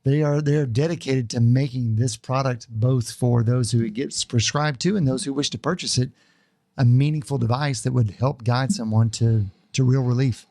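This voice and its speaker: A man co-hosts a podcast in a relaxed, chatty manner. His voice is gravelly and warm, with a dark tone. He sounds close and dry in a studio. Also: mid-range voice, moderate pace, no echo. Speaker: podcast co-host. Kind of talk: casual podcast chat.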